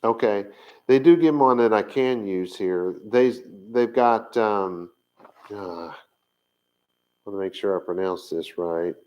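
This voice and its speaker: A man's voice: lowish voice, slow pace, darkish tone, lo-fi sound. Hesitant man teaching while thinking aloud. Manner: thinking aloud, hesitant, searching his notes. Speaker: Bible language teacher. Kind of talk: informal teaching on camera.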